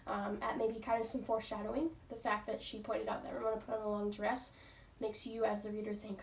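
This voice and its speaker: A woman's voice: medium pitch, flat delivery, a little fast, a little hiss or hum. A woman teacher reading a book aloud to her class and stopping patiently to ask the pupils questions. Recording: roomy, from far off.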